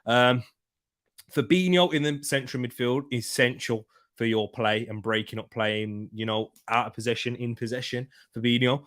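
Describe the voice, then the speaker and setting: A man's voice: mid-range voice, moderate pace, a bit bright. A young man hosting a live football watchalong, chatting casually, bantering with viewers and laughing often. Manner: bantering, laughs often, reads chat comments aloud. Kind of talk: casual live-stream chat.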